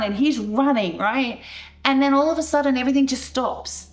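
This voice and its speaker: With a slightly bright voice on the high side at normal speed, a woman tells a documentary interviewer about painful family events as a veteran's wife. She's emotional, re-enacting the scenes as her voice climbs.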